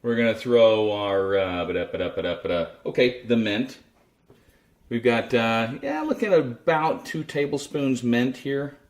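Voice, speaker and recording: A man's voice: medium pitch, expressive, unhurried. A man casually chatting his way through a home cooking demo in his kitchen, rambling and self-deprecating. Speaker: cooking video host.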